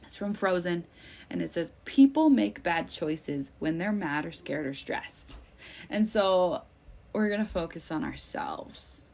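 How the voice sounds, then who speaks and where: Gravelly-voiced chatty mom coach. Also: female voice, lowish voice, sing-song, slow pace, mellow. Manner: chatty and upbeat, laughs often, fillers like "like" and "um". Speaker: self-care coach and workshop host. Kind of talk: casual live workshop talk. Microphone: livestream mic.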